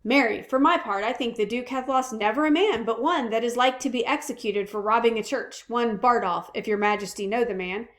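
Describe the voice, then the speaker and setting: A woman's voice: fairly high pitch, a little fast, hardly any pauses, close to an everyday voice. A woman reading aloud, voicing a fussy army captain in an emphatic, earnest way. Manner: earnest, emphatic, self-admittedly weak accent attempt. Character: fussy Welsh army captain, stickler for discipline.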